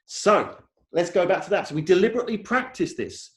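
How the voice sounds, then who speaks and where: An English man giving a conference talk, his voice sitting a little high and swinging widely up and down in pitch. He stresses his points and comes back to them again and again. He talks over a video call. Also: very animated, a little fast. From England. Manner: emphatic, repeats key points. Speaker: conference speaker.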